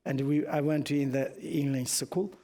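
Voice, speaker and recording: A middle-aged man with a Tibetan accent, a Buddhist teacher giving a dharma teaching in halting non-native English, telling anecdotes with chuckles. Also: on the high side, fairly even intonation, warm tone. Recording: long reverb in a hall.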